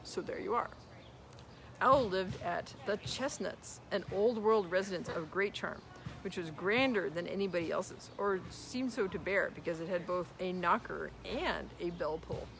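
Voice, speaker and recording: A woman as guest storyteller, reading a children's story aloud in an animated way, with chatty asides. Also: on the low side, normal speed, gravelly, a little hiss or hum. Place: at home with her son near a swing.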